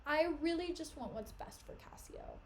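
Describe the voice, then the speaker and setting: Woman voicing a smarmy male schemer, mock-innocent, falsely modest, high voice. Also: lively intonation, moderate pace, slight background noise.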